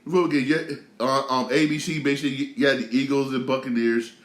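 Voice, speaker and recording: A man's voice: medium pitch, fairly even intonation, brisk, echoey room. Heated, slangy male show host. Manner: repetitive, heated, slangy, many restarts. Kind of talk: casual rant commentary.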